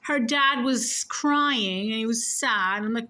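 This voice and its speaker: A woman's voice: a little high, fairly even intonation, normal speed, bright, forceful tone, rough recording. A woman telling a personal story in a casual, rambling way, correcting herself often and swearing freely.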